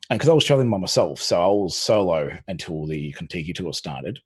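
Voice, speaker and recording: A man's voice: sits low, sing-song, brisk, darkish tone, breathy edge. A man, a co-host from Australia, chatting casually and telling a rambling travel story. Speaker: stream co-host. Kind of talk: casual chat.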